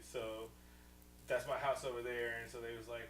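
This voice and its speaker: A man co-hosting a casual podcast, recapping a movie in slangy, animated talk, laughing often and acting out the characters. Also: medium pitch, moderate pace. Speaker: podcast co-host. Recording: echoey room, far from mic, faint hum.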